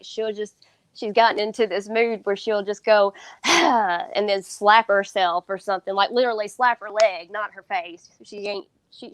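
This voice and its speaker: A woman's voice: mid-range voice, smooth. A woman in her thirties, a mother, chatting casually and telling blunt, swearing stories about her teenage daughter. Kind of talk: casual chat.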